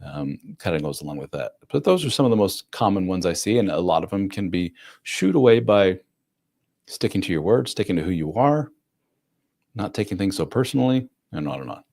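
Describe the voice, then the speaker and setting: A middle-aged man hosts a livestream, answering chat in a blunt, casual way and voicing the people he quotes, with fillers like "blah, blah." His deep voice is very animated and brisk, a little mellow, with vocal fry.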